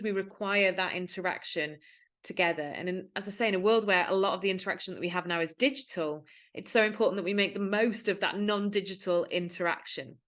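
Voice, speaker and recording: A woman's voice: mid-range voice, fairly bright tone. A woman, a digital wellbeing coach, explaining in an earnest, conversational way and acting out quoted speech. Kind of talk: talking-to-camera explainer.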